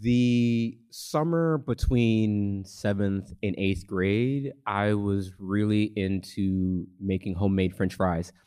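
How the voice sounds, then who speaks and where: A man telling a comic personal story live on a theater stage, with a lively, suspense-building delivery. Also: fairly low pitch, slow, hardly any pauses, smooth.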